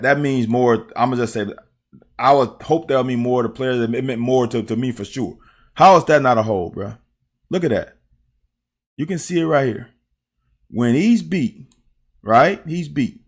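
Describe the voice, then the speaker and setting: A middle-aged man with a Southern American accent, a former player who hosts and breaks down game film in a casual, profane chat with his viewers. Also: mid-range voice. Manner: blunt, profane, talks straight to chat viewers. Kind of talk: casual live-stream commentary.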